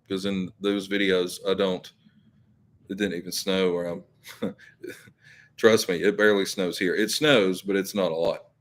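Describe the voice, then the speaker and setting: Man, very deep voice, rambling live-stream host who talks to his viewers. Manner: rambling, filler-heavy, self-correcting. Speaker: YouTube channel host.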